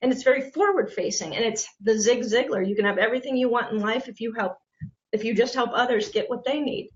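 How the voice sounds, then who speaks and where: Woman agent on a podcast, animated, laughs a lot, kinda high voice, dull lo-fi sound. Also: fast. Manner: animated, laughs often, acts out quotes. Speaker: guest real estate agent. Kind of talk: casual podcast conversation. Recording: muffled lo-fi audio.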